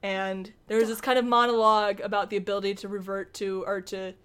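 A young woman co-hosting a podcast, chatting casually and breaking into quick, animated acted-out quotes. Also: mid-range voice, clear, resonant tone. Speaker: podcast co-host. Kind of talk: casual chat.

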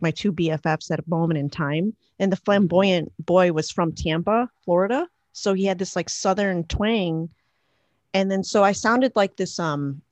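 A woman's voice: on the low side, darkish tone, no room sound, muffled recording. A young woman, a DJ and producer, chatting in an interview and rambling playfully with lots of fillers. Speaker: DJ and music producer, guest. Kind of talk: casual interview chat.

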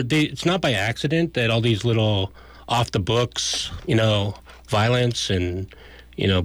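A man's voice: medium pitch, no echo. A man, an activist guest on a radio show, gives a blunt and argumentative political analysis in casual speech.

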